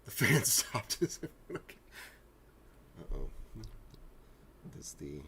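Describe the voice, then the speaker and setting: Man, 40s, extremely deep voice, easygoing self-mocking stream host chatting at his hobby desk. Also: sing-song, extremely slow, pushed and bright, husky. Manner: rambling, joking, self-deprecating asides. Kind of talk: casual chat while painting miniatures. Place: home hobby room with a printer and air purifier.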